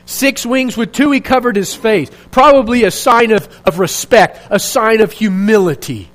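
A man's voice: sits high, normal speed, fairly bright tone, soft background music, poor audio. A male pastor preaching a sermon in an earnest, searching way, asking rhetorical questions and restarting his phrases.

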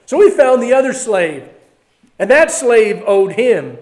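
High-voiced man preaching a sermon. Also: very animated, a little slow. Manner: conversational, swings between loud emphasis and quiet asides. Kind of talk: sermon, reading scripture and commenting.

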